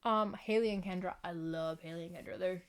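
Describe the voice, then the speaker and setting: A woman's voice: fairly low pitch, steady tone, brisk, a little hiss or hum. A young woman vlogging to camera at home into a microphone, rambling casually, giggling and often apologizing. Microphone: external microphone.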